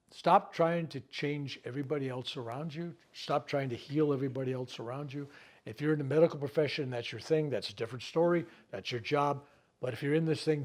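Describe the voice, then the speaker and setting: A man's voice: mid-range voice, darkish tone. Folksy man teaching a spiritual workshop. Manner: conversational and folksy, joking, asks rhetorical questions; acts out people's words in quick asides. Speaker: reverend leading a healing workshop. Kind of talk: spiritual teaching talk to a live group.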